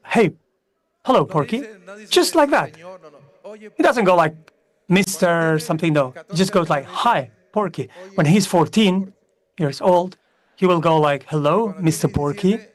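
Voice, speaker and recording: An older man in his sixties delivers a political rally speech with a high-set voice. He speaks slowly and emphatically, pressing each phrase home. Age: 60s. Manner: slow, emphatic, with rallying chants.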